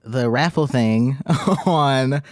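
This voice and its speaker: A man's voice: medium pitch, drawn-out words, noisy background. A man co-hosting a podcast in casual chat, playful and jokey, laughing often. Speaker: podcast co-host.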